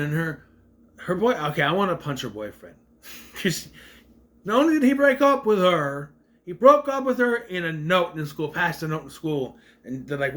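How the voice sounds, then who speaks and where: A man rambles through a casual movie rant, his pitch leaping around as he acts out lines. His voice sits a bit high for a man, and he trips over words now and then with a slight stutter. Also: a little fast. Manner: rambling, animated, acts out quotes in raised voices; mentions a stutter. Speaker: movie reviewer.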